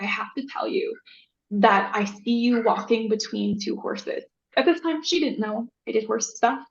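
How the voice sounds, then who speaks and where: A woman guest on a podcast telling a story in a casual, animated way, acting out the voices she quotes. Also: medium pitch. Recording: echoey, dull lo-fi sound.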